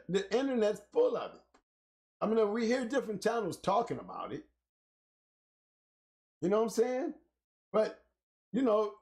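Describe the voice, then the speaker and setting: A man co-hosting a casual talk show, joking and teasing in slangy banter, his voice a bit rough. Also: high voice, darkish tone. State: voice sounding rough. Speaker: co-host.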